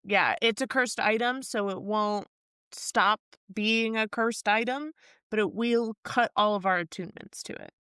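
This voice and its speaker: A woman playing a character in a tabletop game, speaking calmly and matter-of-factly. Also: mid-range voice, measured pace, smooth, dry recording, clean studio sound. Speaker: player.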